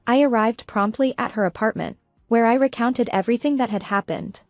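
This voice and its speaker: A woman tells a first-person revenge tale at a steady, even pace. Her voice is a little high, and it is recorded dry over quiet music. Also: fairly quick, no room sound. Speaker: story narrator.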